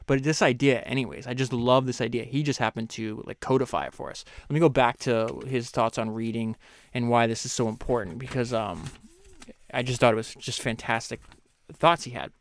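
A man hosting a podcast, mixing casual commentary full of fillers and restarts with slower, louder read-aloud passages from a book. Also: medium pitch, fairly even intonation. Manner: reads quotes slower and louder, chats loosely with fillers and restarts. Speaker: podcast host.

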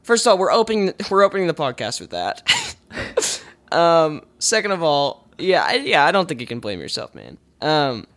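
A man's voice: fairly high pitch, sing-song, moderate pace, fairly bright tone. A man co-hosting a podcast, reacting casually and swearing now and then. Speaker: podcast co-host. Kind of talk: casual chat.

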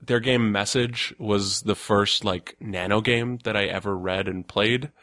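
Earnest low-voiced man, casual chat. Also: fairly even intonation, unhurried, fairly bright tone, no echo, clean studio sound. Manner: earnest, lots of fillers and restarts, laughs often. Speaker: tabletop game designer.

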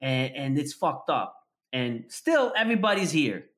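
A man with a slightly raised voice tells a story on a podcast, swearing often. He jumps between his own lines and the other person's. The talk is loose and animated. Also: a little high, a little slow. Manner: profane, animated storytelling, acts out quoted conversations. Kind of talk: casual podcast chat.

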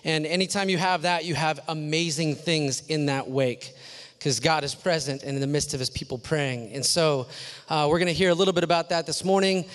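A man introduces a guest speaker at a church service with casual enthusiasm. His voice sits high and sounds smooth. A long reverb from the large hall trails behind his words. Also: fairly quick, a bit bright.

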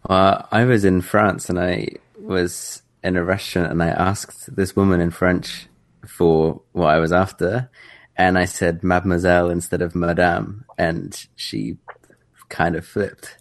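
A man chatting casually on a podcast, easygoing and quick to chuckle. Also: low voice, level tone.

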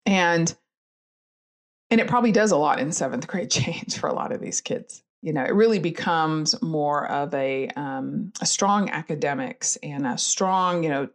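Earnest mother telling her story. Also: lowish voice. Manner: earnest, candid, with many fillers and restarts. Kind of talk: personal storytelling.

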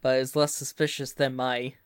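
A man voicing a dignified male house drake in opossum form, speaking slowly and formally with a German accent. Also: mid-range voice, level tone, clear, resonant tone, no echo, clean studio sound, natural voice. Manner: slow, formal and solemn.

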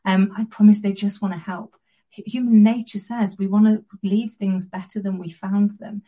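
Earnest woman guest with a warm, raspy tone, speaking reflectively. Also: mid-range voice, fairly even intonation, low-quality recording. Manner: earnest and reflective, with soft pauses. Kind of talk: personal story in an interview.

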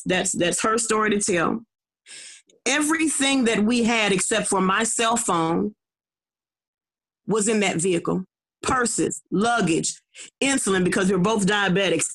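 As a guest evangelist, a middle-aged woman tells the story of her testimony, her voice average in pitch and her delivery forceful and emphatic. Words get repeated, and she frequently stumbles and starts over, checking in with a quick "okay?".

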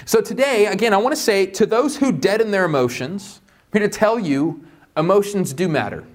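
Joking, animated man preaching. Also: fairly quick. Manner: animated and joking, voice jumping up high in playful asides. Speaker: pastor. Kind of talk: sermon.

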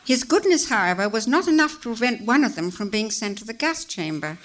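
A woman reading a story aloud as narrator, in a measured, expressive way. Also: fairly high pitch, noisy background.

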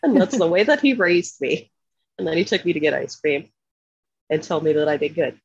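A woman from Philadelphia telling a profane, animated story in casual podcast chat, laughing often. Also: low voice, brisk, breathy edge, no echo, muffled recording. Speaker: podcast co-host.

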